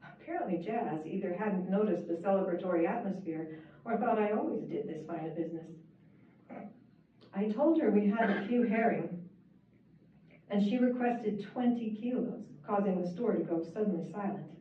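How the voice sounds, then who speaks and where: A woman, the author, reading her own first-person novel aloud in a measured, wry storytelling manner. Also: medium pitch, expressive. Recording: echoey, distant, phone-like and hissy.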